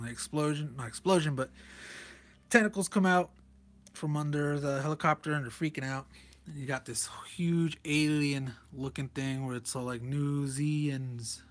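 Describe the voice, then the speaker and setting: A man's voice: fairly high pitch, normal speed. A man casually reviewing a comic page by page, chuckling often and correcting himself in rambling asides. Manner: chuckles often and reads panel text aloud.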